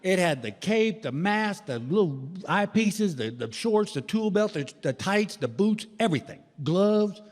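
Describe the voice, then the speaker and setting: Animated stand-up comedian man in a hall. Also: sits high, a little slow, hardly any pauses. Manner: animated, folksy storytelling with frequent chuckles. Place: large theater stage. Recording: live theater reverb with audience noise.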